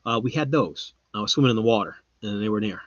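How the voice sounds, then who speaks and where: A man hosting a live stream, chatting casually with viewers and rambling, his voice often trailing off quietly. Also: on the low side, lively intonation, fast, no echo. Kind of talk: casual chat. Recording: slightly muffled lo-fi sound.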